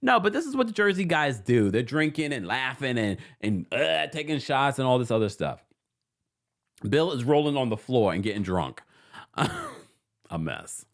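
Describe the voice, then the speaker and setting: Animated chatty man recapping. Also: medium pitch, moderate pace. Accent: New York. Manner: animated, chatty, quotes people in lively mimicry. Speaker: recap host. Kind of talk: casual recap commentary.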